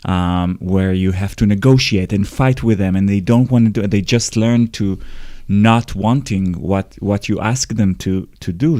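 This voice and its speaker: A man's voice: sits low, dark tone, dry recording, clean studio sound. A man hosting a podcast, talking earnestly with frequent restarts. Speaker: podcast host. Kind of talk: casual chat.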